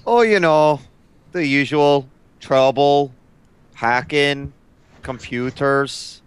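Male player in character, blunt drawl, smooth dry voice. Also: medium pitch, drawn-out words, no room sound. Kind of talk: in-character role-play.

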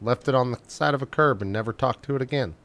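Relaxed joking male player. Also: medium pitch, fast. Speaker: player and show host. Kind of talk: casual role-play banter.

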